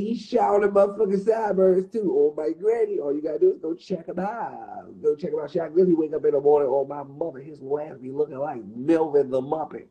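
A man's voice: fairly high pitch, a little fast, few pauses, dark tone, muffled recording. A man with a Washington DC area accent hosting a livestream, roasting someone in a profane, mocking, rowdy rant. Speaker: livestream host.

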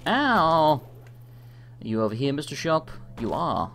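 A young English man streaming a game, chatting and reacting excitably, sometimes swearing when things go wrong. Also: on the high side, takes it slowly. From England. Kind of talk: live gameplay commentary.

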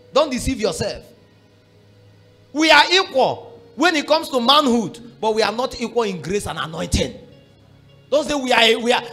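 A pastor with a high-pitched voice that carries a gravelly edge, preaching with fervent swings between hushed prayer and shouting. His tone is bright and forceful, and he presses his points home with passion. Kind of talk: sermon.

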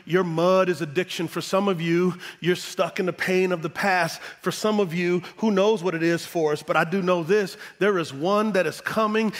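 A male pastor preaching a sermon with great energy, repeating words for emphasis and swinging between loud exclamations and hushed tones. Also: fairly high pitch, long reverb tail.

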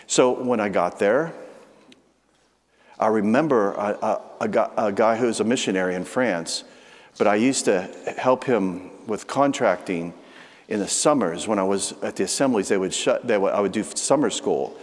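A man preaching a storytelling testimony, with frequent restarts and animated emphasis. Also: lowish voice, normal speed. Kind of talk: testimony sermon. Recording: long hall reverb.

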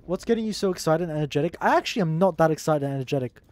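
A young man live-streaming with a slightly high voice, trash-talking and joking with his chat in loose, crude banter. His throat is a bit sore, and the sound is close and dry, with no room around it. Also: expressive, racing, a little mellow, no room sound. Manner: teasing, crude, laughing, reads chat aloud.

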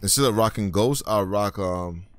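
A man's voice: lowish voice, normal speed, dry recording, soft background music. Profane, frustrated male gaming streamer. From US Virgin Islands. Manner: profane, frustrated trash talk. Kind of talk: live gameplay commentary.

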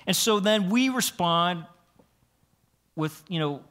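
A man's voice: a little high, a little slow, long pauses, a bit bright. A man preaching a conversational sermon in church, earnest and often restarting his phrases. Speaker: pastor. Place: church sanctuary.

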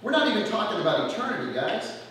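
Man, youth camp preacher, high voice, heavy echo, heard from far off. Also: fast. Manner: animated, casual, gets crowd to shout along. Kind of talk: youth sermon. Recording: echoey hall from far off, faint noise.

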